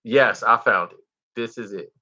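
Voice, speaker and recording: Laughing man vlogger, bright, animated delivery, muffled lo-fi recording. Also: fairly low pitch, moderate pace. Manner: animated, laughs often, acts out the people he talks about. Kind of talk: comedic reaction commentary. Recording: dull lo-fi recording.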